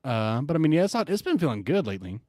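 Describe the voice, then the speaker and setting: A young man co-hosting a radio show, answering in a measured, dry way and laughing easily. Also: a little high, sing-song, a little mellow, dry recording. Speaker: radio co-host. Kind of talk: casual radio chat.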